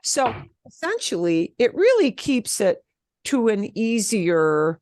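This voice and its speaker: A middle-aged woman teaching a beginner Spanish class, upbeat and encouraging, modeling phrases slowly so students can repeat them. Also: mid-range voice, wildly swooping pitch, a little mellow, no room sound, clean studio sound. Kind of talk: online beginner language class.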